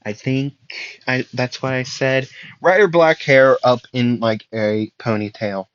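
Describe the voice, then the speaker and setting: A man improvising a fan story, narrating haltingly with many fillers and restarts. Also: mid-range voice, steady tone, clear, resonant tone, no echo. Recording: dull lo-fi dry recording.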